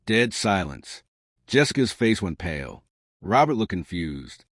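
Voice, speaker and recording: A man narrating a scripted first-person story with wry, deadpan delivery. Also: on the low side, normal speed, dry recording, clean studio sound.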